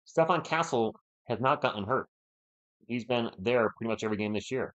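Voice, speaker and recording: A man's voice: medium pitch, a little fast, muffled recording. A man hosting a fan live stream, calling the game play by play and bantering with the chat. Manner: animated, partisan, banters with chat.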